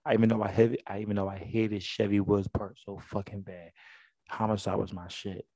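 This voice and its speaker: A young man chatting casually and sounding laid-back, his voice fairly low and mellow. His slangy talk often trails off into a mumble. The recording is dry and close. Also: little pitch movement, fairly quick, no echo. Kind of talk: casual chat.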